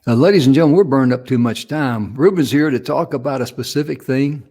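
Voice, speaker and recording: A man's voice: mid-range voice, fairly quick, mellow. Chatty male talk show co-host. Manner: chatty and encouraging, introducing a guest.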